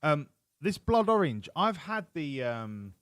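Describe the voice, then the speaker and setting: A man's voice: on the high side, very animated, takes it slowly, fairly bright tone, clean tone, no echo, studio quality. A man live-streaming a racing game, chatting in a profane, rambling way. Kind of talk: casual live-stream commentary. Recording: with game music behind.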